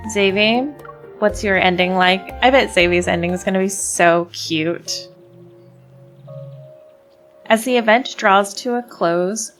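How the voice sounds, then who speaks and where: A woman's voice: medium pitch, a bit bright. A woman hosting a game playthrough, reading the story text aloud and gushing about the characters, often stumbling and restarting words. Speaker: let's play host.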